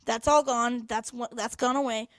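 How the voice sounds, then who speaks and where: High-pitched woman host teasing her co-hosts on a video call, dry close sound. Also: fairly even intonation, normal speed, no room sound. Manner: bossy and teasing, jokes with co-hosts. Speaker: podcast host. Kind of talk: casual group chat on a video call.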